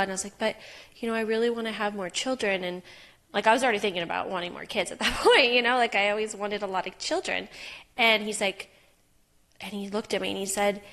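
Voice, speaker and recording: A woman's voice: medium pitch, a bit bright. Young woman, podcast guest, candid, heartfelt, chatty storytelling. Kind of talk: personal story in casual interview.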